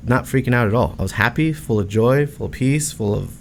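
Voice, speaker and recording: A man's voice: mid-range voice, a little fast, gravelly, slight background noise. A man in his forties from Arizona, a realtor guest on a podcast, talking in an earnest, heartfelt way with many restarts. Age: 40s. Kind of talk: casual interview talk.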